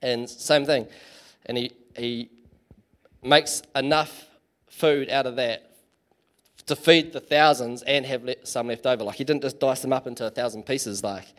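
A man's voice: mid-range voice, fairly even intonation, a little slow, fairly bright tone. A man giving a casual, chatty sermon in church, full of fillers and self-deprecating asides. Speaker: preacher.

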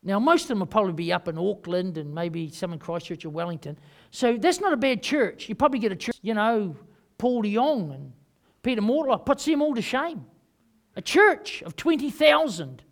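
A man with a New Zealand accent preaching a sermon, rambling and emphatic, swinging between loud and quiet. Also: high voice, sing-song, a little fast. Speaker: pastor.

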